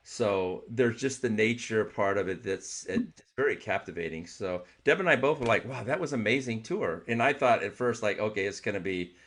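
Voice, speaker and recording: A man co-hosting a podcast, telling an animated, rambling travel story with laughs and restarts. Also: lowish voice, normal speed, hardly any pauses. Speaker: podcast co-host. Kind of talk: casual storytelling chat.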